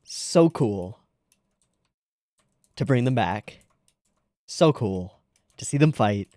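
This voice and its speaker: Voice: medium pitch, animated, very slow, warm tone, no echo, clean studio sound. An anime reaction host giving casual, rambling, sarcastic commentary on episodes.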